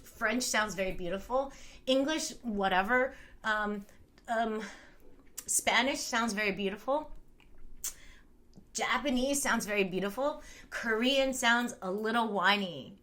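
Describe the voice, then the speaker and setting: Bright-voiced chatty woman streamer. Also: a little high, measured pace. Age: 30s. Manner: rambling, chatty, laughs often, reads comments aloud. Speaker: live streamer. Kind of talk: casual live-stream chat.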